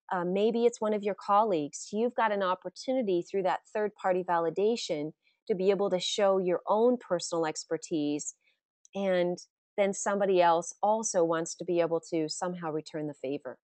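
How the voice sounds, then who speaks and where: A woman's voice: on the low side, darkish tone, no room sound. A middle-aged woman hosting a marketing webinar, explaining in a conversational way with examples and frequent "uh" fillers. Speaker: webinar host and social media marketing coach. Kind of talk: live webinar teaching with questions. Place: webinar recording.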